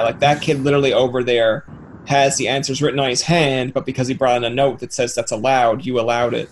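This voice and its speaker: Hosting a laid-back interview, this man jokes and rambles, frequently imitating the voices of people he quotes. His medium-pitched delivery is steady and a little fast, over a faint hiss or hum.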